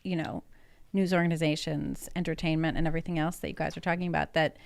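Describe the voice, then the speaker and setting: A woman's voice: deep voice, fast talker, vocal fry, no room sound. A woman speaking as a guest on a panel discussion, steadily listing her points one after another. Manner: steady, lists points in series. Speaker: guest editor.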